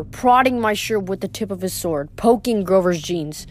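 A woman reading a novel aloud in steady narration, with occasional small slips. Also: medium pitch, moderate pace, hardly any pauses, faint music behind. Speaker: reader.

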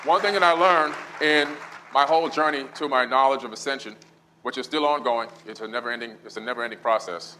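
A man's voice: medium pitch, quick pace, bright, forceful tone, a faint crowd, slight background noise, low-quality recording. A man in a casual podcast conversation, explaining his views in a thoughtful, storytelling way. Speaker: podcast guest.

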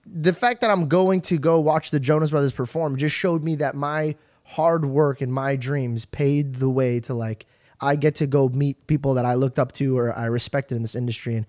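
A man hosting a podcast, talking in an excitable, rambling way and swearing often. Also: mid-range voice, moderate pace, no echo, clean studio sound. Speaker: podcast host. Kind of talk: casual chat.

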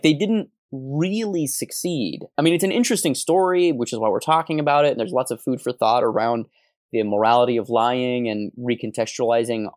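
A man holds forth in an animated podcast chat, stacking analytical points and quick asides. His voice sits at a middle pitch, and the room is dry with no echo. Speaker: podcast co-host. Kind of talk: casual podcast discussion.

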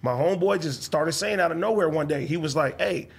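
A man in casual podcast chat, telling animated, profane stories from his life. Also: on the high side, fast talker, husky.

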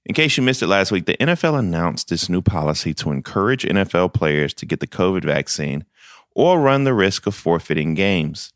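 Man, podcast host, low voice, dry close sound, emphatic and folksy. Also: very animated, brisk, no echo. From South Carolina, USA. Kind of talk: podcast commentary and interview.

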